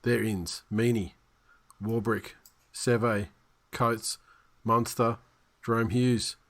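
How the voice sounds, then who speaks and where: A man's voice: fairly low pitch, little pitch movement, takes it slowly, a bit bright. A man co-hosting a sports podcast, bluntly ranting and reading team lists. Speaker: podcast co-host. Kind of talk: casual sports chat.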